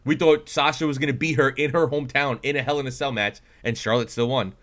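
Man, co-host, casual banter, medium pitch, talkative and teasing. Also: fairly even intonation, fast, a bit bright. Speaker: podcast co-host. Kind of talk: casual wrestling chat.

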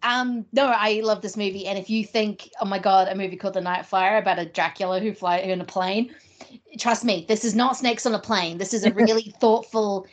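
A woman's voice: medium pitch, steady tone, brisk, highs cut off. A woman hosting a podcast in casual chat, enthusiastic and laughing often, with many fillers. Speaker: podcast host.

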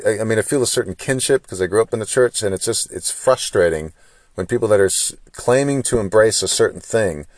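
Deep-voiced man lecturing in rhetorical questions. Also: darkish tone, dry recording, studio quality. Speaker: podcast host. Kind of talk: solo opinion monologue.

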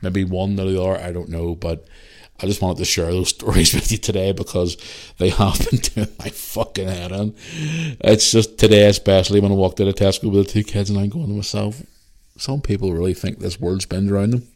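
Low-voiced man ranting on a podcast. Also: fairly quick. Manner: animated ranting storyteller, swears freely. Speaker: podcast host. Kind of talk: casual podcast monologue.

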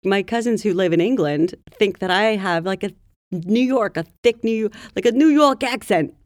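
A woman's voice: medium pitch, moderate pace, darkish tone, no room sound. A woman co-hosting a podcast, teasing her partner and reading listener mail in casual chat. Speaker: podcast co-host.

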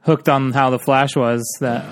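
A man's voice: mid-range voice, steady tone, measured pace, slight background noise. A man co-hosting a podcast in casual chat, rambling and hesitant as he recalls things. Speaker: podcast co-host.

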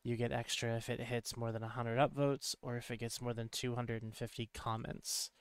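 A man's voice: medium pitch, flat delivery, normal speed, clean tone, no echo. A man in a casual podcast chat who explains things in a matter-of-fact, detailed way.

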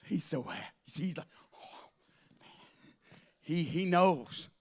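A man preaching a sermon to a congregation, swinging from loud declarations to soft asides. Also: on the high side, big pitch swings, takes it slowly, breathy edge. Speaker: pastor. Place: church with a congregation.

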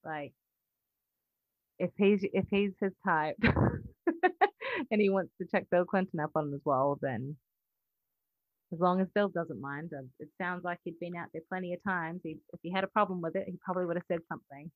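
A woman's voice: fairly low pitch, lively intonation, moderate pace, long pauses, narrow, tinny audio. An Australian woman in casual podcast chat, chatty and often laughing, trailing off mid-thought. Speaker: podcast co-host.

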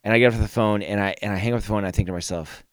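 A man co-hosting a podcast, telling a story in a casual, animated, self-mocking way. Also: lowish voice, racing, clear, resonant tone, no echo, studio quality. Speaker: podcast co-host.

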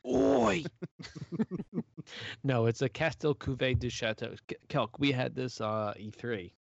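A man's voice: mid-range voice, fairly even intonation, unhurried, no room sound, dull audio. A man co-hosting a casual beer podcast, goofy and giggly. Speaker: podcast co-host.

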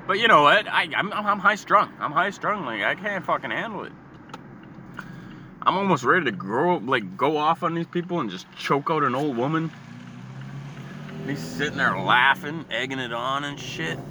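A man's voice: mid-range voice, expressive, normal speed. A man delivering a heated, profane comedic rant, rambling and repeating himself. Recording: street recording with traffic noise. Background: passing cars.

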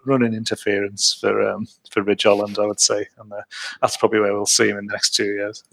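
A man co-hosting a podcast, his low voice husky and gravelly. He rambles through casual chat, restarting his sentences often. The delivery is loose and unpolished. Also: little pitch movement, fairly quick, a bit bright. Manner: rambling, many restarts, laughs while talking. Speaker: podcast co-host.

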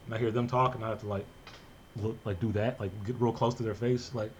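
A man's voice: on the low side, a little hiss or hum. A man hosting a podcast in casual, joking chat, recorded remotely. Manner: fast, animated, joking. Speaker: podcast host.

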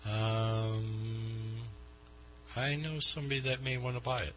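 A man's voice: on the low side, monotone, takes it slowly, fairly bright tone, a little hiss or hum. A man co-hosting a casual radio talk show, asking short, curious questions. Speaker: co-host.

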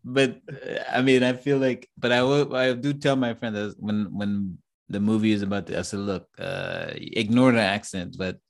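A middle-aged man hosting a casual interview, relaxed and laughing along with his guest. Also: mid-range voice, normal speed, few pauses. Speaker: interview host.

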